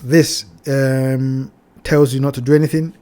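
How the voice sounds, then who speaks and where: A man's voice: medium pitch, little pitch movement, a little slow. Man warning viewers over trading charts. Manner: cautionary, repeats phrases, addresses "ladies and gentlemen". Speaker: crypto trading channel host. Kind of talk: chart analysis talk.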